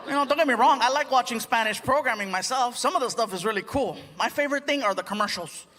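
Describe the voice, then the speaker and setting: A man performing a stand-up comedy set on a live stage, animated and laughing often, slipping into voices for his bits. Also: very high-pitched, fast talker. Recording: live show with audience noise.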